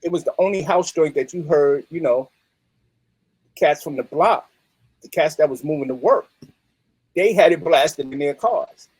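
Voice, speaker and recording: A middle-aged man, a musician guest telling stories in a streetwise, animated way. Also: a little high, normal speed, pauses often, husky, no echo, poor audio. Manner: animated, streetwise, peppered with "you know what I mean". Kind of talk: casual interview storytelling.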